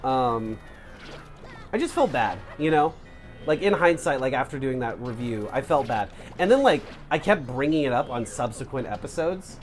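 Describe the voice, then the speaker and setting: A young man co-hosts a game video in loose, rambling chat, his sentences full of fillers and swearing. His pitch sits in a middle range. Faint music plays in the background. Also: animated, normal speed. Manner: rambling, profane, heavy use of "like". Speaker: let's play co-host. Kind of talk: casual gameplay chat.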